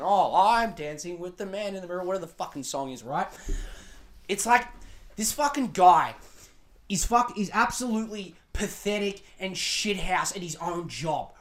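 A man's voice: high voice, a bit bright. A man with an Australian accent hosting a podcast, delivering a crude, sarcastic rant full of swearing. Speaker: podcast host. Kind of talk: profane ranting commentary.

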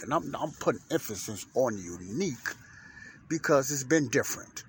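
A man's voice: mid-range voice, expressive, normal speed, slight background noise. A man hosting a casual podcast monologue as a minister, rambling and repeating himself, with religious asides, speaking from inside a parked truck at work. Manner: rambling and repetitive, with many fillers and restarts; folksy and religious, often saying "Lord's willing".

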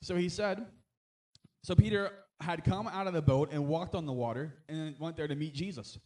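A man's voice: fairly high pitch, moderate pace, dark tone. A man preaching a sermon as a pastor, talking in a conversational way with frequent amens and asides, and rising to emphatic exhortation.

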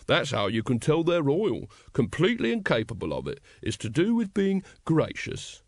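A man's voice: on the high side, wildly swooping pitch, moderate pace, dry recording, voice pushed up, heavily acted. A male narrator voicing a pompous middle-aged man who lectures knowingly about kings. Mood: lecturing. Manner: ponderous and lecturing. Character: pompous middle-aged man, a self-appointed royalty expert.

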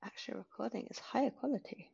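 A woman with a gravelly, husky voice chats wryly on a podcast. She comes through a remote call, and the audio sounds muffled and lo-fi. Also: fairly high pitch, fast talker, dark tone. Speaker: podcast co-host. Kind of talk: casual chat over a video call.

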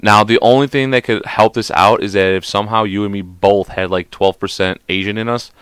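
A man hosting a podcast in casual chat, animated and profane, often mimicking other people's voices. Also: on the low side, a little fast, clear, resonant tone, no room sound. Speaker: podcast host.

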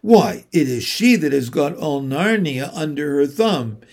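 A man's voice: on the high side, expressive, unhurried, darkish tone. A man voicing a weeping, remorseful male faun in a storybook reading, sorrowful and sobbing.

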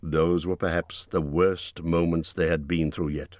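A man reading an audiobook in measured, dramatic storytelling, recorded on a close studio mic. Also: deep voice, little pitch movement, a little mellow, no echo. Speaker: audiobook narrator. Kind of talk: scripted audiobook narration.

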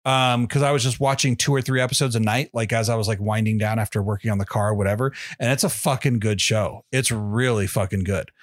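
A man's voice: lowish voice, steady tone, quick pace, few pauses, dry recording, clean studio sound. A man co-hosting a podcast, chatting casually in a rambling way with lots of fillers and swearing. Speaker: podcast co-host. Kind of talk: casual chat.

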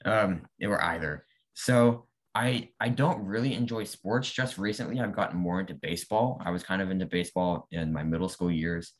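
A teenage boy talks casually as an interview guest. His voice sits a little low for his age, and he speaks animatedly, often putting on the voices of people in his stories. He laughs readily as he goes. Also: normal speed. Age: late teens. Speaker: guest, young author.

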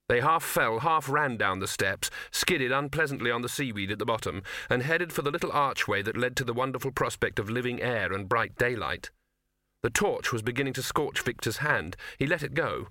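Bright-voiced male audiobook narrator. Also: mid-range voice, animated, moderate pace, no echo, studio quality. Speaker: audiobook reader. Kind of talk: scripted narration.

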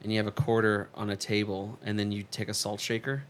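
A man co-hosting a casual podcast, talking in a relaxed, easygoing way with many "like"s. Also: fairly low pitch, brisk, slight background noise. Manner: relaxed, easygoing, fills speech with "like". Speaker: podcast co-host. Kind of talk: casual chat.

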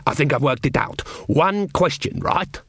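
A man voicing a roguish male dwarf adventurer who talks in a slow, dry, matter-of-fact way in an audiobook. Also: on the high side, expressive, a bit bright, husky, dry recording, exaggerated voice. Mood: deadpan.

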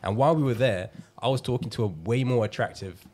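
On a casual podcast, a man who coaches confidence shares a candid story, laughing as he acts out quoted dialogue. He speaks quickly with a mid-range, darkish-toned voice.

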